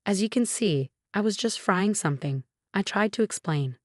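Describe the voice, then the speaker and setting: A woman narrating a dramatic family story in a scripted, measured reading voice. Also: mid-range voice, expressive, no room sound, studio quality.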